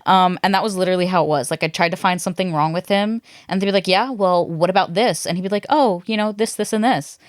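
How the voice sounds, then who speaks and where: Woman in her 20s chatting on a podcast, lowish voice, dry close sound. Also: fairly even intonation, fast, few pauses, no room sound. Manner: storytelling, quotes people in an acted voice. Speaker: podcast host. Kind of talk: casual chat.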